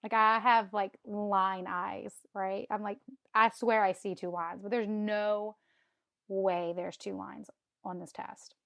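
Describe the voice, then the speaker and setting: A woman's voice: mid-range voice, little pitch movement, slow, gravelly, a bit bright, no echo. A woman in her thirties telling her own story as a podcast guest, acting out her past reactions and laughing often. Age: 30s. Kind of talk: casual storytelling.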